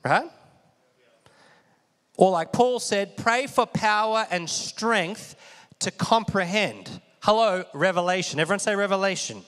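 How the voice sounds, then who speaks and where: Calling out for the congregation to say it back to him, a pastor preaches with plenty of energy. He speaks at a measured pace in a high, expressive, slightly bright voice, captured with long hall reverb.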